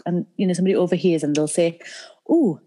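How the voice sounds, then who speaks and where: A woman's voice: lowish voice, fairly even intonation, very fast, mellow. A young woman with a Northern English accent co-hosting a podcast, talking casually and enthusiastically. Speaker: podcast co-host. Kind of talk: casual chat.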